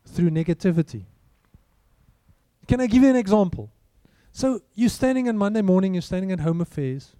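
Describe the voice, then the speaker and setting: Man, preacher, high voice, very warm and mellow, dry close sound. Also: lively intonation, moderate pace, no room sound. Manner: conversational preaching, rhetorical questions. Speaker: pastor. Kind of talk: sermon.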